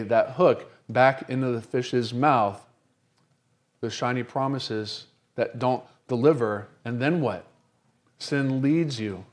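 Middle-aged male pastor giving a sermon; emphatic, rhetorical delivery with slowed key lines. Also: medium pitch.

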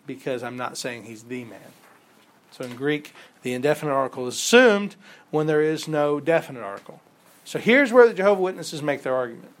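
Higher-voiced man teaching a class. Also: big pitch swings, fairly quick. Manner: explains patiently, repeats key points, quizzes the class. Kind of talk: classroom lecture.

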